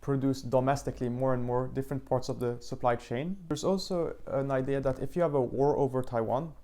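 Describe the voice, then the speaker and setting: A man talks through a book review in a relaxed, unhurried monologue. His voice is mellow and dark in tone, and his pitch sits in a middle range. He hesitates now and then as he hunts for the right word. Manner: thoughtful, slightly halting, searching for words. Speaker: book channel host.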